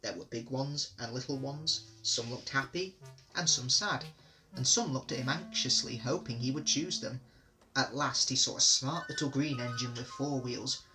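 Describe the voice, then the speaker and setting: A man's voice: medium pitch, moderate pace, pushed and bright, faint music behind, rough recording. Man reading a storybook aloud.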